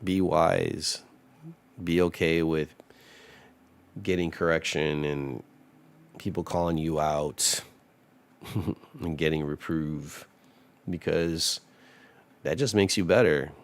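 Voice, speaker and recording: A married man casually reading scripture and reflecting on it in a relaxed, rambling way, often restarting and laughing softly. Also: a bass voice, takes it slowly, long pauses. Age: adult married man. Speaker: Bible study vlogger.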